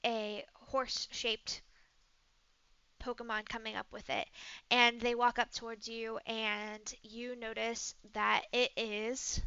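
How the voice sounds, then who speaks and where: A woman narrates a role-play game as its game master, loose and relaxed and full of ums. Her voice is bright and very clear. The recording is dry and slightly dull. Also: fairly high pitch, takes it slowly, dry recording. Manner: relaxed, with many fillers.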